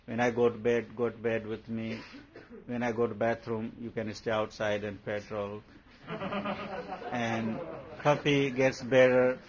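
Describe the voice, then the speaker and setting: A spiritual teacher speaks to his followers in a playful, laughing way, acting out everyday scenes. His voice is lowish, with flat delivery and an unhurried pace. The recording is dull and lo-fi, with a faint hum in the background.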